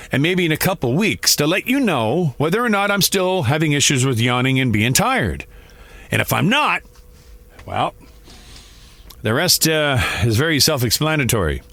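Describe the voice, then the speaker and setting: Lively-voiced man hosting a casual podcast. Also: mid-range voice, no room sound. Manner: candid, rambling, self-correcting. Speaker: podcast host, trucker. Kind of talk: casual monologue.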